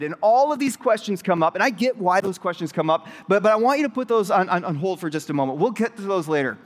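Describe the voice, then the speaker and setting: A man with a high, bright-pitched voice preaches a sermon, retelling a parable in a loose, conversational way that jumps up into excited asides. His voice carries a long reverb, as if from a church auditorium. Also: quick pace, hardly any pauses. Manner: conversational, animated storytelling with rising excited asides. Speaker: pastor. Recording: reverberant hall.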